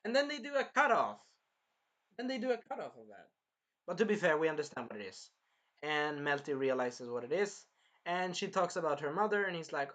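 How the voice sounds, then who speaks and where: A man recapping an anime episode in an excitable, rambling way, jumping between plot points. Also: fairly high pitch, a little fast. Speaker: anime reviewer.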